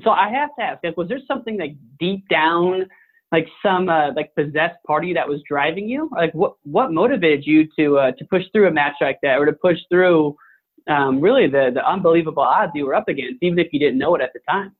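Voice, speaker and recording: A man hosts an interview and asks curious, winding questions, often stopping to restart them. His voice is a little higher than most men's. It comes through a narrow, tinny line, like a phone call. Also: lively intonation, fairly quick, husky. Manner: curious, hesitant questioner with many likes and restarts. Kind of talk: podcast interview.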